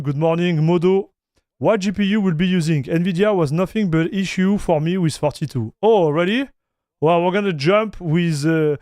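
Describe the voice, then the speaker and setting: A man with a French accent hosts a relaxed livestream, greeting his chat by name and tossing in bits of French and Spanish. His voice sits high and clean. He takes his time, and the sound is close and dry. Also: no room sound. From North America. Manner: chatty, greets viewers by name, mixes in French and Spanish phrases, laughs often. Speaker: streamer reviewing Linux gaming.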